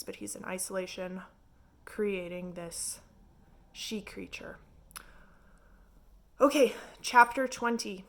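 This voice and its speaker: A woman's voice: medium pitch, slow, pauses often, fairly bright tone. A woman reviewing a novel in casual, chatty talk full of filler words. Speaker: book reviewer. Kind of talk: casual chat.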